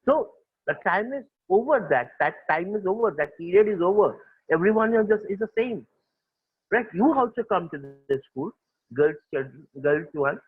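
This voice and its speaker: A man's voice: high voice, lively intonation, moderate pace, slightly rough, no echo, narrow, tinny audio. A man with an Indian accent teaching a school class, switching between English and Hindi and repeating key phrases. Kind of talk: classroom lecture.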